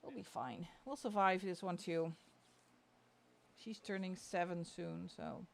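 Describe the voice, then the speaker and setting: At home on a stream, a woman colors and chats casually, laughing often, at a measured pace with some vocal fry. She switches to a high, coaxing baby voice when talking to her dog, and a little hiss or hum sits in the audio.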